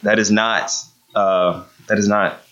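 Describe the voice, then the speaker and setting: A man preaches in a loose, conversational way, often stopping to ask his listeners "right?" His voice sits fairly low, and the recording sounds dull and lo-fi. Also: little pitch movement, slow, a bit bright. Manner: casual, asks the room "right?" often. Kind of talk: conversational sermon.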